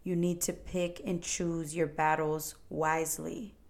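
Earnest low-voiced woman podcaster. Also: flat delivery, a little slow, a little mellow. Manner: earnest, encouraging, direct. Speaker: podcast host. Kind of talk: motivational podcast monologue. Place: at home indoors.

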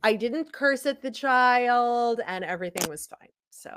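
A woman's voice: fairly high pitch, measured pace, a little hiss or hum. A woman from Chicago, a podcast guest in a casual interview, talking animatedly and ranting with laughs. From Chicago, United States. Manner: animated, rants with rising indignation and laughs.

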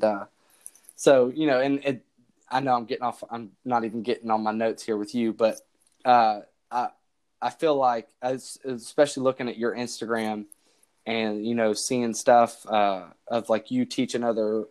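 A man's voice: lowish voice, a little mellow. A young man hosting a podcast, rambling through a story with lots of restarts and quoted back-and-forth. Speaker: podcast host. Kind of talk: casual storytelling chat.

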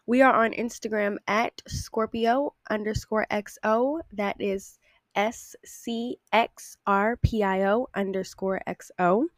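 A young woman of about twenty talks straight into a podcast mic in a casual solo show. She speaks bluntly and swears freely, but stays affectionate toward her listeners. Her voice sits at an ordinary pitch, and the sound is dry and close. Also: fairly even intonation, takes it slowly, no echo. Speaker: podcast host. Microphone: podcast microphone.

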